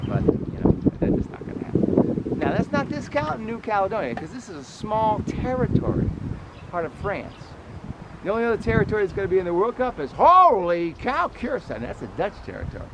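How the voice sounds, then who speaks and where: Excitable man shouting chants in wind. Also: high-pitched, a little fast. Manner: excitable, jokey, jumps to loud chants. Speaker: sports travel vlogger. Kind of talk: casual travel vlog. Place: outdoors at a stadium, windy. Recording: loud wind noise on an outdoor mic.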